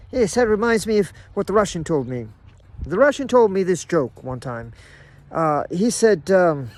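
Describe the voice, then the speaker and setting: A middle-aged man talks straight to his viewers in a loose, rambling vlog. He stammers and restarts as he goes. His voice sits fairly high and leaps up and down. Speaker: vlogger. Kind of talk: casual rambling monologue.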